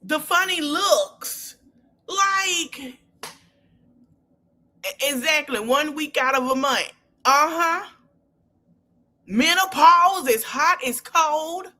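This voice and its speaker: A woman podcast host, talking in an impassioned, casual way, swinging between low murmurs and loud high outbursts. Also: animated, drawn-out words, pauses often.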